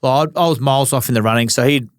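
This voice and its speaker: A man's voice: medium pitch, very fast, dry recording, studio quality. A man in his forties with an Australian accent, a former footballer telling casual, swearing-laced stories as an interview guest. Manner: laid-back, swears freely, acts out old arguments.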